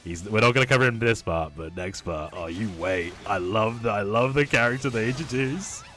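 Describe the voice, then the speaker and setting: Bright-voiced man rambling over a game. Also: on the low side, brisk. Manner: rambling, many fillers and restarts, laughs often. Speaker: streamer. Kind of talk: casual game stream commentary.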